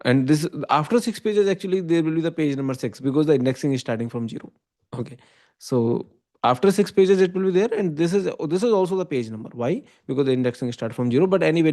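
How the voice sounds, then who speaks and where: A man's voice: on the high side, lively intonation, a little fast, dark tone. A man with an Indian English accent teaching an online lecture, explaining step by step and often checking with "okay?" and "right?". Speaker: computer science teacher.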